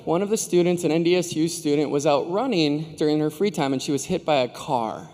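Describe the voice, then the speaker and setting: A man's voice: fairly high pitch, fairly quick, hardly any pauses, dark tone. A man in his thirties giving a commencement speech, telling stories and joking with the audience in a self-deprecating way. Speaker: commencement speaker. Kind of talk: storytelling speech to graduates. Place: large arena venue. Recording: hall reverb from a large arena.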